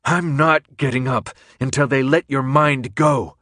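A man voicing a brash, blunt teenage boy who shouts. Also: medium pitch, a little slow, no echo, clean studio sound, voice pushed up, natural voice. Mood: determined.

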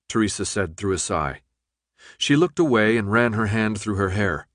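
A man narrates a scripted audiobook in a calm, even manner, his pitch fairly low. The studio sound is clean, with no echo.

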